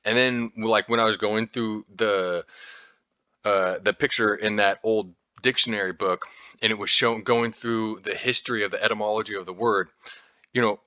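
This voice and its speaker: A man's voice: lowish voice, fairly even intonation, moderate pace, pushed and bright, smooth, no room sound, lo-fi sound. An American man talking casually as a podcast host, rambling with lots of fillers and restarts and the odd swear word. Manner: informal, occasionally profane. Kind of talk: casual explanatory talk.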